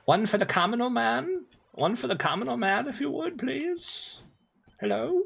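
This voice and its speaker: A man's voice: extremely high pitch, very animated, moderate pace, creaky, fairly bright tone, slightly rough, pitched above the performer's own voice, full character voice. A man voicing a young medieval peasant boy who pleads in a silly, old-fashioned way. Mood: pleading. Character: young male medieval peasant begging for pickles.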